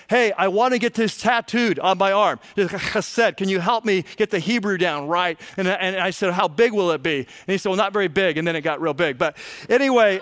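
A man's voice: high voice, fairly bright tone. A middle-aged man, a pastor, preaching a sermon in a conversational way, often repeating words as he restarts.

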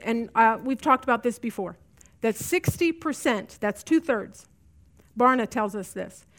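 Middle-aged woman teacher, slightly high voice, earnest, repeats key lines for emphasis. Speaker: women's Bible study teacher. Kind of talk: teaching talk to a women's group.

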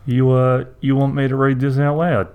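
A man's voice: mid-range voice, flat delivery, moderate pace, smooth, phone-quality sound, voice pushed up, natural voice. A man voicing a hesitant middle-aged publican reading letters aloud.

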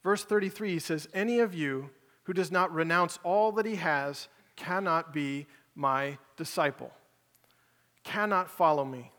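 Male pastor, high voice, chatty preaching style, church sanctuary with long reverb. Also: measured pace, fairly bright tone. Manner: conversational preaching, voices Jesus and listeners in casual paraphrase. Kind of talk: sermon.

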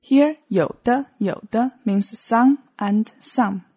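A woman's voice: fairly high pitch, warm tone, breathy edge. A young adult woman hosting a podcast lesson, patiently explaining Mandarin phrases one by one in English. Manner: slow, patient explaining, switching between English and Mandarin examples. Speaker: Mandarin teacher.

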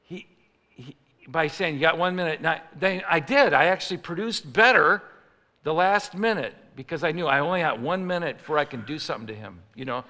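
A man from Chicago preaching a sermon, telling a comic story in an animated way that rises into mock outrage. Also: a little high, fairly quick, in a large hall.

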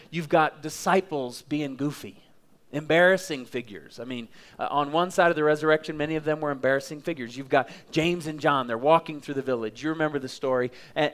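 Middle-aged pastor from Oklahoma, slightly high voice, dramatic emphatic sermon delivery. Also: male voice, fairly bright tone. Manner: emphatic, dramatic, builds with repetition.

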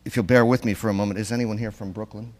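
A man's voice: on the low side, fairly even intonation, very fast. Man preaching in an echoing church. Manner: conversational, asks the congregation questions. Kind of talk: sermon. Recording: long reverb in a church.

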